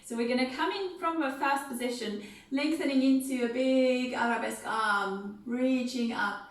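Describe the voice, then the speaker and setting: A woman leading a gentle seated music and movement session, soft and encouraging, talking through each step. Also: high-pitched, moderate pace, recorded from a distance. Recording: very echoey room, away from the mic.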